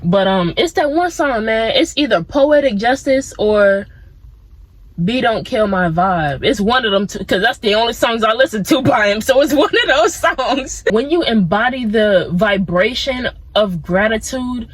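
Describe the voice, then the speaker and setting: Rambling young woman, fairly high voice. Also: animated, unhurried, husky, dry recording, poor audio. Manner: rambling, easily sidetracked, laid-back. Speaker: vlogger. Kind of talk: casual motivational chat. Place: outdoors among plants.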